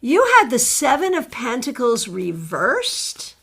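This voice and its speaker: A middle-aged woman hosting a live tarot stream, chatting warmly as she greets viewers by name and reads their cards. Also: a little high, huge pitch swings, slow pace, creaky, breathy edge.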